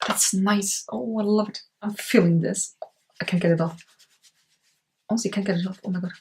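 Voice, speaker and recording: A woman's voice: medium pitch, a little mellow, slight background noise. Gushing woman unboxing makeup. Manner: gushing, gasping, breathy exclamations. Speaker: beauty vlogger. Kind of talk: excited unboxing vlog. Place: home, indoors. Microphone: camera mic.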